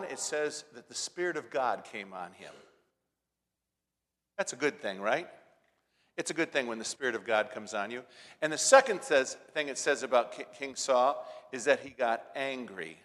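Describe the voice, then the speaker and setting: A man delivers a sermon in an even, middle-pitched voice. He tells the story conversationally, then pushes key lines hard and drops to quiet asides. The sound carries a long reverb, as if from a church sanctuary. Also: moderate pace. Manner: emphatic, swinging between loud stresses and soft asides; storytelling with repeated rhetorical lines. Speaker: preacher.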